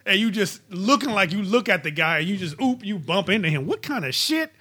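A man's voice: high voice, very animated, a little fast, sharp tone, slightly rough. A man co-hosting a casual sports chat, joking and mocking, with free cursing. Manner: joking, mocking retellings, curses freely. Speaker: sports podcast co-host.

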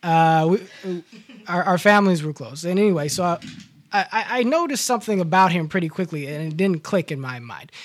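A man telling a story on a panel, halting and repeating his words. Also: high-pitched, expressive. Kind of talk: casual panel talk with storytelling.

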